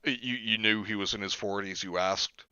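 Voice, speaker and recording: Young guy reading a bad book aloud and snarking, bright tone, dry lo-fi sound. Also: on the low side, fairly even intonation, a little fast, smooth, no room sound. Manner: sarcastic asides, laughs while reading. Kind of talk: comedic read-through with commentary.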